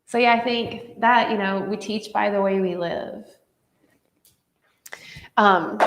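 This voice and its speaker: A woman's voice: mid-range voice, long reverb tail. A woman hosting a casual talk, chatting loosely with many fillers. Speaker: host. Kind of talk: casual chat.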